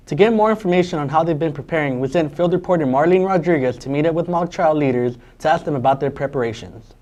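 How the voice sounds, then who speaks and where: Quick talking teen guy reading school news, kinda high voice. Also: a little mellow. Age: teens. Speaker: student news anchor.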